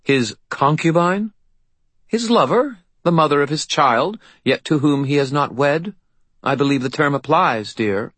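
A wry, sharp-tongued grown woman , as a man puts her on, dry and teasing in a storybook reading. The voice is raised clearly above a man's own pitch, with a pointed, knowing edge. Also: animated, unhurried, no room sound. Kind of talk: audiobook character voice.

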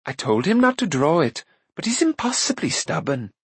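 A man's voice: a little high, sing-song, husky, dry recording, pitched above the performer's own voice, heavily acted. A man voicing a bossy, spirited young girl who scolds and chatters in an audiobook. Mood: chatty. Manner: sharp, scolding, quick.

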